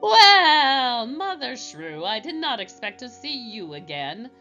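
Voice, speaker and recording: A woman's voice: on the low side, expressive, a little fast, bright, forceful tone. A woman reading aloud, voicing a cool, sneering great horned owl in a storybook. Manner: sneering and menacing. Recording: dull lo-fi with faint music.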